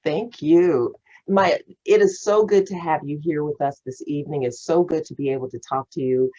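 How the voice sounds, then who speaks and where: A woman reverend hosts the meeting and puts measured, earnest questions to her guest. Her voice is very low and husky. The audio is dull and lo-fi. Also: mellow. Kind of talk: hosted conversation, asking questions.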